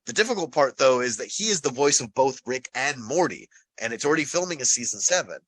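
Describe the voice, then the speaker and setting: A man's voice: mid-range voice, big pitch swings, fast talker, a bit bright, breathy edge, no echo, low-quality recording. A man hosting a podcast, chatting casually and animatedly, often breaking off mid-sentence and swearing. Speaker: podcast host. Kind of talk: casual chat.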